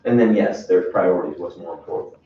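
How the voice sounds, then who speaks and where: A man's voice: low voice, a little fast, warm tone, slight background noise. A man leading a sales training session in an emphatic coaching manner, often checking in with "right?". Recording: distant, echoey room, dull sound.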